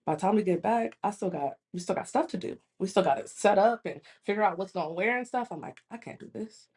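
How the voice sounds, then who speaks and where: A woman's voice: mid-range voice, fast talker. A woman in her thirties telling a story in casual conversation, acting out what others said. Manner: animated retelling, acting out quoted voices. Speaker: guest in a conversation.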